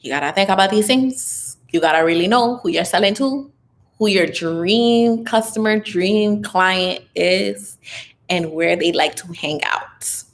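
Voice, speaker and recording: A young woman chatting on a livestream in a casual, upbeat way, handing out advice in an easy flow with lots of "um" and "like". She sounds tired and a little loopy. Her voice sits at a middle pitch. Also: a little slow. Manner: chatty and upbeat, advice-giving, with frequent fillers. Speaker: online business content creator hosting a live Q&A.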